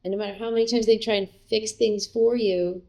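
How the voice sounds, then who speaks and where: A woman's voice: mid-range voice, fairly even intonation, brisk, a little mellow. A middle-aged woman, a guest in a casual interview, telling a personal story in a chatty way, full of fillers and quoted dialogue.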